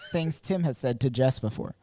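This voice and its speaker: A woman co-hosting a podcast, casual and wisecracking with quick deadpan asides. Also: rumbling low. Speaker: podcast co-host. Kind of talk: casual chat. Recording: clear background noise.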